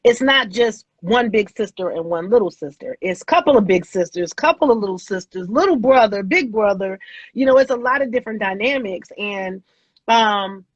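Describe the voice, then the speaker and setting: A woman in her forties, a mother of six, talking thoughtfully and at a measured pace in casual chat about family. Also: mid-range voice, lively intonation, slightly rough, no room sound, lo-fi sound. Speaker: guest.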